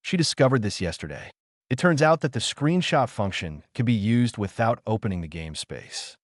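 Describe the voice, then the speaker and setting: Lively low-voiced male audiobook narrator. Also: normal speed, no room sound, studio quality. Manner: reads all characters in one voice with few changes. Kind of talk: scripted narration.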